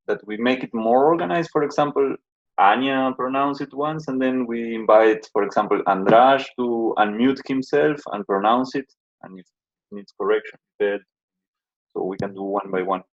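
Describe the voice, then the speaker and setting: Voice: medium pitch, moderate pace, no room sound. An adult helping run an online class, giving practical directions to participants over a video call. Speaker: class organizer. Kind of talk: casual moderating of an online class. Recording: dry, muffled video-call audio.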